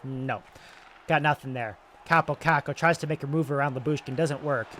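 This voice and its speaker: A young man doing excitable play-by-play commentary over a video game, moving between loud calls and quiet asides, his voice getting strained. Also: fairly high pitch, normal speed, slight background noise. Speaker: gaming YouTuber doing play-by-play.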